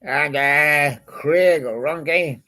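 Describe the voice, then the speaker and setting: A man hosting his channel rambles casually in a monologue, reminiscing about old songs and talking to a toy badger. His voice is a little high and sharp in tone, and he speaks extremely slowly.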